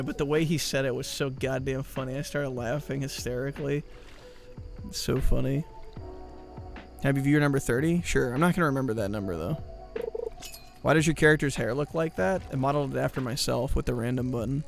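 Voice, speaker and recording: Gravelly-voiced man chatting on a live stream. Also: medium pitch, a little fast, faint music behind. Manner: rambling, joking, mock-exasperated. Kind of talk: casual chat with viewers.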